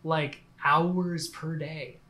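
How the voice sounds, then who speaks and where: Relaxed man preaching casually. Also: on the high side, drawn-out words. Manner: relaxed, talks in fillers and restarts. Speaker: pastor. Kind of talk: conversational sermon.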